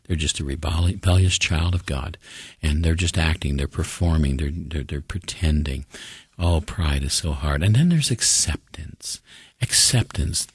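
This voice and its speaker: A man delivers a sermon in a very low, husky voice, leaning on words with slow deliberate pauses before jumping up in pitch for emphasis. The sound is dry and close, with no room around it. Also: steady tone, darkish tone, no echo. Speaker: preacher.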